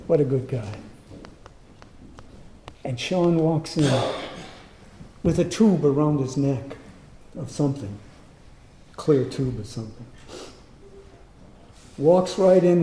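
A man preaching as he tells a personal story, earnest and animated. His voice is fairly high but soft and mellow. The room around him is roomy and echoey. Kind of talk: personal story told in a sermon. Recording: roomy echo.

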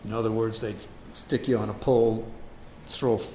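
A man preaching a sermon, swinging from hushed asides to loud, emphatic questions. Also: lowish voice, little pitch movement, moderate pace, reverberant, a little hiss or hum. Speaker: pastor.

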